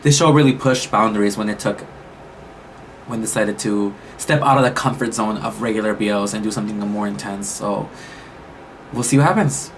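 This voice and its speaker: A man's voice: on the low side, normal speed, a little hiss or hum, rough recording. A young man reacting to a show episode, talking casually and emotionally with lots of exclamations and restarts. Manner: emotional, exclamatory, thinks aloud with many restarts. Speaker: reaction YouTuber.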